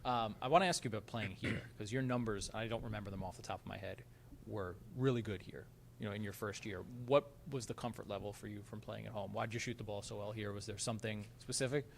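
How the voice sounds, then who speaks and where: A man hosting a sports interview, asking questions in a brisk, friendly way. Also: lowish voice, steady tone, gravelly, a little hiss or hum. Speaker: interviewer, show host.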